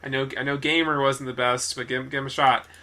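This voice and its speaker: A man's voice: mid-range voice, level tone, fairly quick, pushed and bright. A young man co-hosting a casual movie podcast, rambling and correcting himself as he talks, often laughing. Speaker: podcast co-host.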